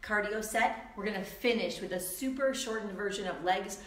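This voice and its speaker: A woman instructor is at home, chatting brightly with people joining her live online workout and greeting each by name. Her voice is medium in pitch, a bit bright, a little hoarse from the morning, and paced moderately, with a roomy sound around it.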